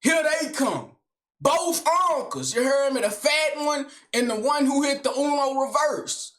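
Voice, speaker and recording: Man, storytime vlog, profanity-laced slang, animated, keeps checking in with the listener. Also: very high voice, measured pace.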